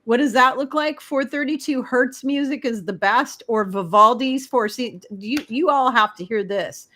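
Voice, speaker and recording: A woman's voice: a little high, normal speed, bright, forceful tone. Emphatic woman giving spiritual advice. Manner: emphatic, preachy, talks to the listener directly. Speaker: spiritual guest. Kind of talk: casual spiritual advice talk.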